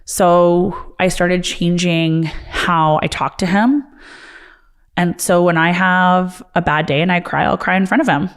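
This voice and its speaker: A woman's voice: fairly low pitch, steady tone, unhurried, clean tone. A woman who owns a martial arts studio talks to the camera about motherhood in a candid, earnest, reflective way. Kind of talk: personal talk to camera.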